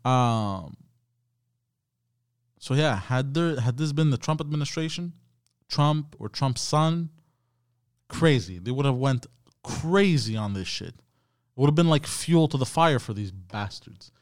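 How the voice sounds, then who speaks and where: A man with an expressive mid-range voice speaks unhurriedly, with long pauses, in a dry, studio-quality recording. He's live streaming, rambling and swearing as he casually rants and chats with his viewers.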